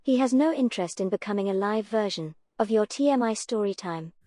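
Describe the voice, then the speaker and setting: Woman commentator, sarcastic and cutting, mid-pitched, dead-dry recording. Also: animated, brisk, warm tone, no room sound. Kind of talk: reaction commentary voice-over.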